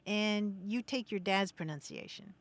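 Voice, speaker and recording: A woman's voice: medium pitch, a little slow. A woman from Kentucky co-hosting a radio talk show, asking callers friendly questions and explaining word pronunciations.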